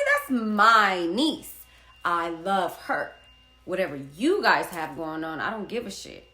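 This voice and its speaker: A woman's voice: medium pitch, a bit bright. Blunt, profane woman telling a story in an echoey room. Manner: blunt and profane, emphatic repetition. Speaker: artist and poet sharing a personal story. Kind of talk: candid personal storytelling.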